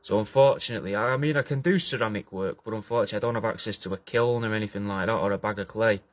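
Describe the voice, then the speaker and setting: Speaking very fast in a fairly low voice, a man plays a taxidermist for a comedic monologue to camera. He rambles casually, restarting often, swearing, and calling people "mate".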